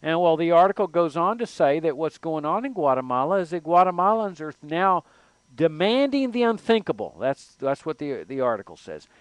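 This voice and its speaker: Brief: male host, political monologue, fairly high voice, dry close sound, emphatic with restarts. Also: big pitch swings, moderate pace, no echo. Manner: emphatic, repeats words and restarts, rhetorical questions. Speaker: show host.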